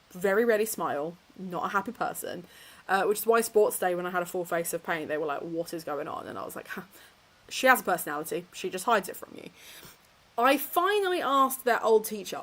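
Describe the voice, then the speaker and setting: A woman's voice: mid-range voice, a bit bright. A young woman, hosting a casual reading livestream from her home office, chatty and self-mocking with frequent laughs. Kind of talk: casual chat to live chat.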